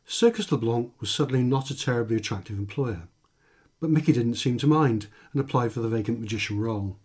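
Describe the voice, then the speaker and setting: A man's voice: mid-range voice, fairly quick, a little mellow, slightly rough. A man reading his own comic short story for radio in a dry, wry first-person narration. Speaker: author and reader.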